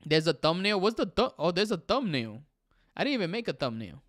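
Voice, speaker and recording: A man's voice: high-pitched, fairly quick, no room sound, clean studio sound. Chatty bilingual young man streaming live. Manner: animated, chatty, switches between English and Spanish. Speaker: livestream host. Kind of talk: casual livestream chat reading viewer comments.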